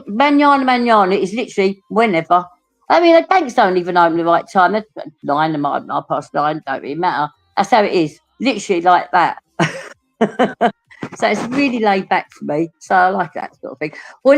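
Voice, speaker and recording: A woman's voice: mid-range voice, big pitch swings, brisk. Chatty woman with an Essex accent. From England. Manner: chatty, laughs often, swears casually. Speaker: panel guest. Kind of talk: casual livestream chat.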